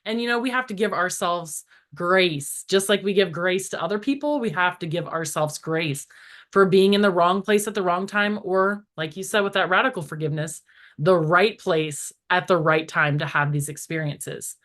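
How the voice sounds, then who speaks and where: A woman's voice: on the low side, moderate pace. A middle-aged woman in casual spiritual conversation as a podcast guest, telling stories animatedly with many "like" fillers. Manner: animated storytelling, acts out voices in quotes; frequent "like" fillers.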